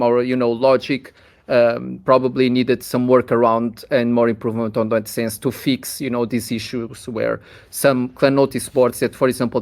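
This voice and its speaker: Community manager, mid-pitched man, halting and wordy, voice chat mic. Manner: hesitant, many restarts while explaining at length. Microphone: computer mic over online voice chat.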